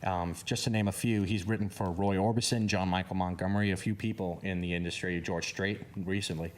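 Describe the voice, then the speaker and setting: A man's voice: deep voice, fairly even intonation, brisk. A young male musician, guest on a TV interview show, chatting casually and acting out little quoted voices. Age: young adult. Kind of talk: casual studio interview chat. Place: TV studio.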